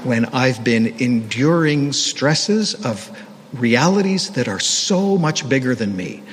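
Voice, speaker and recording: A man's voice: mid-range voice, expressive, takes it slowly. Candid male preacher in a reverberant hall. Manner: candid, self-deprecating, conversational. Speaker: pastor. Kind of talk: sermon. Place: church. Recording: long hall reverb, faint ambient noise.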